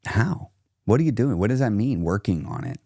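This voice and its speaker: A man coaching a viewer bluntly, challenging her with rapid-fire questions and frank examples. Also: on the low side, very animated, creaky, dark tone, no echo, clean studio sound. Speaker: weight-loss coach. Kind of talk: direct coaching talk to a viewer.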